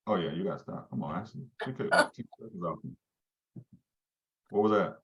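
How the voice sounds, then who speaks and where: Animated man teaching agents. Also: deep voice, a little fast. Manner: animated, quizzing listeners. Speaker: real estate team leader teaching agents. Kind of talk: live training session.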